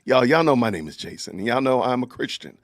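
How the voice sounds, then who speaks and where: A man's voice: mid-range voice, lively intonation, fast, dry recording, studio quality. A man hosting a live podcast, reacting to clips with laughter and disbelief. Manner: laughing, incredulous, exclamatory. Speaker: podcast host. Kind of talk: live-stream reaction commentary.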